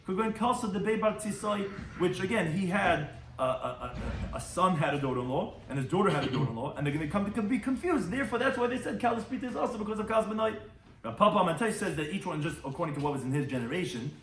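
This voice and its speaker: A man's voice: high voice, animated, fast, roomy sound, recorded from a distance, slight background noise. A man, a rabbi, giving a Talmud lecture and translating Hebrew and Aramaic terms as he goes. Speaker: rabbi teaching a daily Talmud class.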